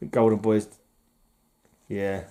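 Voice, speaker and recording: Slow and level, the mellow, lowish voice belongs to a man who collects comic books and chats about them on his channel. The talk is casual and meandering, jokey, with plenty of giggling.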